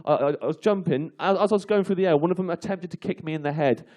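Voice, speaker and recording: A male comedian telling an animated anecdote to a live audience on a comedy panel show, laughing through it. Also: a little high, quick pace. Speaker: comedian guest.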